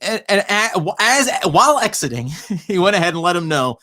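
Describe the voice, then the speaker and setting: A man co-hosting a sports podcast in casual chat, animated and laughing as he acts out quotes. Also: high-pitched, brisk. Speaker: podcast co-host.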